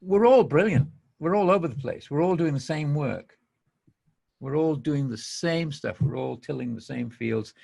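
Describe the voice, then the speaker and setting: Mid-range and gravelly, slightly rough yet a little mellow, this man hosts a podcast in a Mancunian accent. His casual monologue from England is rambling and enthusiastic, punctuated by frequent laughs.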